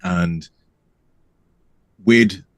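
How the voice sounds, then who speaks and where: A man leading a game mod project who directs a voice recording session in a relaxed, teasing way. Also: sits low, very slow, no room sound. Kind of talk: casual chat and direction.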